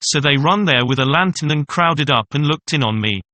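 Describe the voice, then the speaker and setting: A man narrating an audiobook in steady, measured storytelling. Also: a little high.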